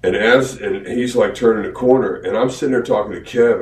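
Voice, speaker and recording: A man with a very deep voice tells a rambling story in an easy, casual way. The sound is roomy and echoey, as if he sits some distance from the microphone, and a faint hiss runs underneath. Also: fairly quick. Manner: rambling, animated retelling. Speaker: wrestler telling a story. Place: archived interview played on a podcast.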